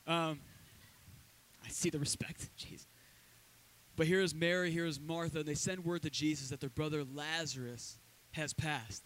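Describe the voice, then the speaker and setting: A man preaching a sermon as a pastor in a church, talking in a loose, conversational way with lively asides. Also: on the high side, normal speed, rough recording. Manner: conversational, energetic preaching with asides and acted quotes.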